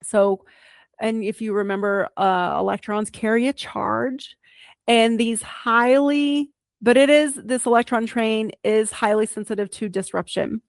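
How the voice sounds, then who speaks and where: A woman's voice: a little high, steady tone, measured pace, vocal fry, no room sound, clean studio sound. A female podcast host, explaining biology plainly in a casual, chatty solo talk.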